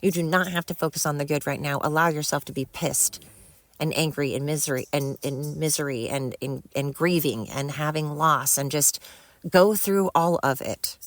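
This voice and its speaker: A middle-aged woman with a deep voice hosts a solo podcast, recorded with no echo. She rambles in a heartfelt way, swearing freely while she vents, and then thanks her listeners.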